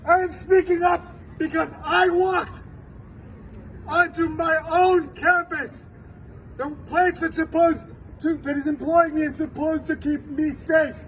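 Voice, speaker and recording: A man in his forties giving an impassioned protest speech outdoors, shouting at times and his voice breaking with tears. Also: very high voice, flat delivery, measured pace, some chatter behind. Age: 40s. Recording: distant mic, faint street traffic.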